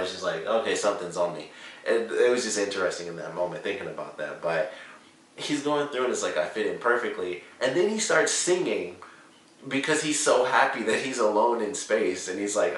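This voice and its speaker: A man giving a casual, rambling spoken review of a TV episode, excitable and full of "like" and "you know". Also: lowish voice. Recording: roomy echo, distant from the mic.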